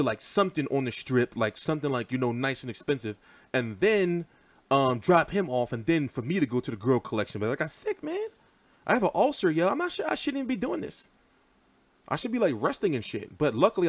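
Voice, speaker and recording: A man's voice: on the high side, no echo. A man in his thirties hosting a boxing livestream, chatting loosely and profanely and answering viewers' comments. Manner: loose, profane, rambling and animated. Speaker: boxing channel livestream host. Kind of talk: casual livestream chat.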